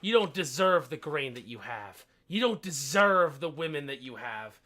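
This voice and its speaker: A man's voice: a little high, big pitch swings, moderate pace, pushed and bright. A man voicing a haughty, scornful half-elf queen in a tabletop game, sneering insults in a raised voice. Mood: contemptuous.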